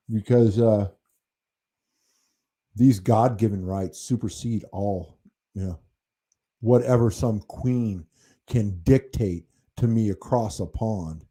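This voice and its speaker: A man's voice: lowish voice, slow pace, long pauses, mellow. Indignant rambling American man on a livestream. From United States. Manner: indignant, rambling, full of fillers and restarts. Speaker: livestream host.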